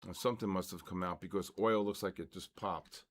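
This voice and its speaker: An older man hosting a live trading stream, excitedly calling out price moves and giving quick trade advice. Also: deep voice. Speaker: trading livestream host. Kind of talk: live market commentary.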